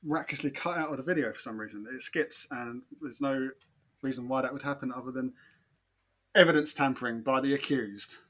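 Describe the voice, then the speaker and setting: A man's voice: medium pitch, brisk, fairly bright tone. A man co-hosting a podcast, pressing mock-formal accusations in a playful court segment. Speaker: podcast co-host acting as accuser.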